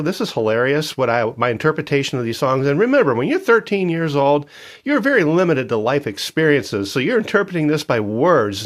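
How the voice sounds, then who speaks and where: Animated chatty man in his fifties. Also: a little high. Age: 50s. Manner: chatty, animated, jokey asides. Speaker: record collector vlogger. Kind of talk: casual show-and-tell vlog.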